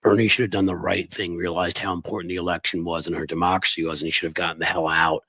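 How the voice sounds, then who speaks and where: A man hosting a political live stream, raspy from the flu, talking bluntly and conversationally to his viewers. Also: low-pitched, level tone, quick pace, pushed and bright, dry recording, poor audio. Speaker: political commentary host.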